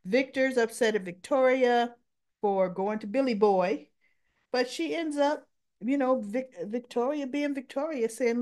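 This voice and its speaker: Unhurried woman in a chatty recap vlog, with offhand asides, recorded on a camera mic. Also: a little high, darkish tone. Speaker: soap opera recap vlogger. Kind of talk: casual recap chat.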